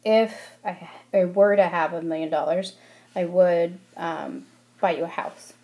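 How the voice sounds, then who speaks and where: A woman's voice: lowish voice, fairly even intonation, unhurried, dark tone. Woman teaching Spanish grammar. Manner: friendly, explanatory, with frequent ums. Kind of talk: classroom lesson narration over slides.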